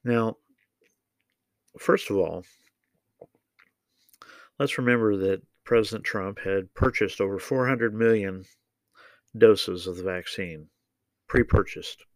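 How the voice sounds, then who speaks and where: A man giving opinionated solo political commentary, measured and deliberate, with frequent ums and uhs. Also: lowish voice, no echo.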